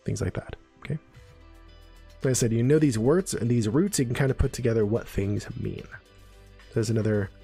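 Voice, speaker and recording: A man's voice: medium pitch, mellow, breathy edge. Man, casual live-stream lecture, chatty explainer, keeps asking "right?", faint music behind. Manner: chatty, explains terms with frequent "right?" and "okay?" check-ins. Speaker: streamer teaching neuroscience.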